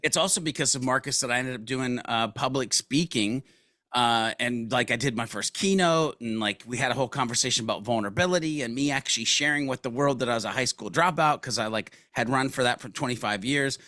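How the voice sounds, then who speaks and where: A man speaks as an interview guest, his voice bright and forward. He tells stories in a casual, slangy way and acts out other people's lines. The sound is dry and close, with no room echo. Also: medium pitch, fairly quick. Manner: animated storyteller, casual slang, acts out quotes. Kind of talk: conversational business interview.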